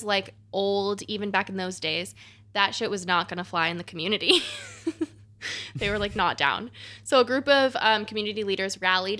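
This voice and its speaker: A woman's voice: medium pitch, pushed and bright. A woman co-hosting a podcast, chatting casually and reading a script aloud with breezy, slangy asides. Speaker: podcast co-host.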